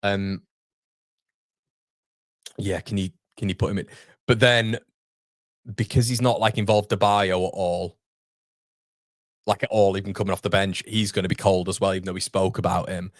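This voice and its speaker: Yorkshire man, 30s, chatty fan-channel host, slightly low voice, dry mic. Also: steady tone, normal speed, long pauses, no echo. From England. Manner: chatty, reads out chat messages, calls everyone mate. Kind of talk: casual live watchalong chat.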